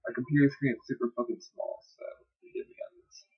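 A young man casually chatting on his video channel, recounting an online chat in a rambling, halting way with frequent restarts. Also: mid-range voice, wildly swooping pitch, breathy edge, lo-fi sound.

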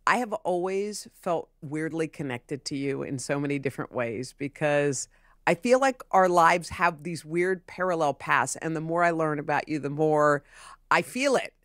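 Low-voiced woman interviewer, heartfelt. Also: moderate pace, fairly bright tone, no echo, clean studio sound. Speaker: TV host interviewer.

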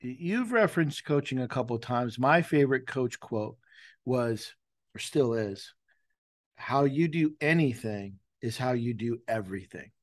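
A man's voice: medium pitch, expressive, measured pace, no room sound, clean studio sound. A man hosting a podcast, talking in an easygoing, conversational way and chiming in with short agreements. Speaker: podcast host. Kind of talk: conversational interview.

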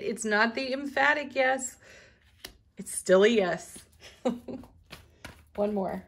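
A middle-aged woman giving a daily tarot reading in a gentle, spiritual way, laughing often. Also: a little high, slow, pauses often. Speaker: tarot reader.

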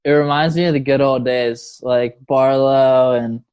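A man's voice: medium pitch, fairly even intonation, unhurried, a little mellow, clean tone, no echo, dull audio. A man hosting a casual interview, easygoing, laughing along and using slang. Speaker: podcast host.

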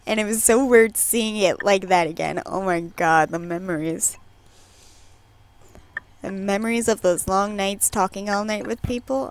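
A woman's voice: mid-range voice, no echo. A woman in her twenties streaming a game, reading chat lines aloud and reacting with emotional, swear-filled commentary. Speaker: let's play streamer.

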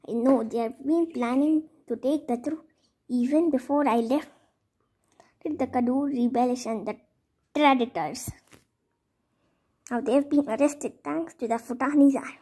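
A woman narrating a homemade story and acting out all its characters, with an animated manner and frequent restarts. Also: sits high, a little slow, long pauses, husky.

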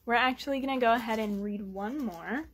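A woman reading picture books aloud to children, expressive and asking them little questions. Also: a little high, fairly quick, husky. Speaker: children's storytime reader.

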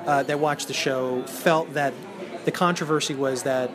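A man's voice: on the high side, fairly even intonation, moderate pace, music in the background. A man interviewing a guest, agreeable and asking brief questions, with crowd noise behind.

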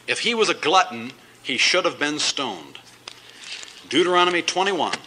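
A man's voice: a little high, sing-song, normal speed, bright, forceful tone, slight background noise, low-quality recording. A male pastor teaching a verse-by-verse Bible study sermon, reading scripture aloud and then explaining it with emphatic asides.

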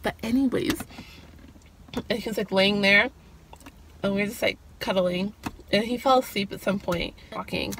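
Chatty young woman with a gravelly edge. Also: very animated, moderate pace, long pauses, fairly bright tone, slight background noise. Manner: chatty, fillers like "like", acts out quotes in a higher voice. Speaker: vlogger. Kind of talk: storytime vlog.

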